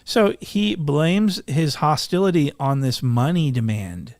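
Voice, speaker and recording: A man giving commentary over video clips, mocking and insulting the person shown in a scornful, deliberate way. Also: a little high, lively intonation, darkish tone, no room sound.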